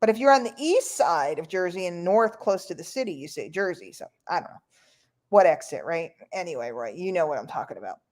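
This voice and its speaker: A woman's voice: lowish voice, lively intonation, brisk, a little mellow. A woman from New York hosting an online call in casual, rambling chat. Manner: chatty, rambling, playful.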